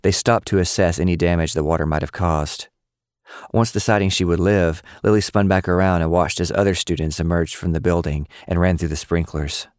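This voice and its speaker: A man narrates a novel in a steady, measured way. His voice sits very low. The recording is close and dry, with no room sound. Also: smooth, no echo. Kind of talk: scripted audiobook narration.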